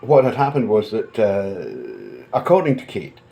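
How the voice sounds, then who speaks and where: A man's voice: lowish voice, wildly swooping pitch, a little slow, creaky, dark tone, low-quality recording. Blunt, combative man. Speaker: commentator. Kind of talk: casual commentary to camera.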